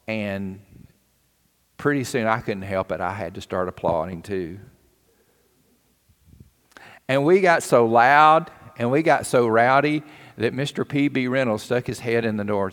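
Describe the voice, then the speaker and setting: A man's voice: mid-range voice, measured pace, long pauses, a bit bright. A man preaching a sermon in a folksy, earnest storytelling way. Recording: long hall reverb.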